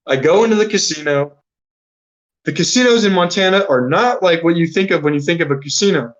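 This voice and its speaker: A man's voice: a little high, brisk. Rambling, profane man in his thirties. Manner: rambling, swears a lot, many "like" fillers. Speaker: interview guest. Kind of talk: casual storytelling. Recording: dull lo-fi recording.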